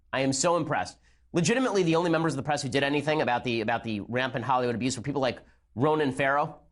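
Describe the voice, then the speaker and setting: Male host, sarcastic combative monologue, very quick delivery. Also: mid-range voice, a bit bright. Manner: rapid-fire, sarcastic, combative. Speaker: political commentary host. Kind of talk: fast opinionated monologue.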